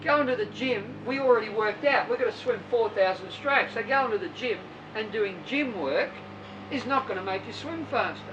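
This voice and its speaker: A high-pitched woman coaching swimmers in a blunt, no-nonsense way, firing rhetorical questions at her squad. She sits well back from the mic, so the voice sounds distant. Vehicle noise runs clearly underneath. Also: lively intonation, normal speed, muffled recording. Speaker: swim coach.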